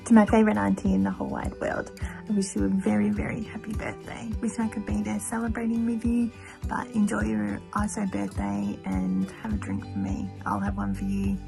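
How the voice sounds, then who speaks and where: A woman with a gravelly voice, casually sending birthday wishes to her aunt on video. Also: mid-range voice, lively intonation, fairly quick, music in the background. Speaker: niece sending a birthday message. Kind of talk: casual recorded video message.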